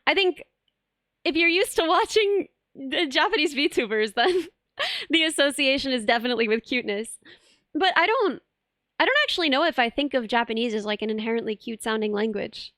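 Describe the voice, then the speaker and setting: A young woman with a high, bright-pitched voice chats casually on a live stream, talking to her viewers. She rambles and restarts her sentences often. The sound is dry and close, with no room echo. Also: a little fast. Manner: rambling, animated, many restarts and "like".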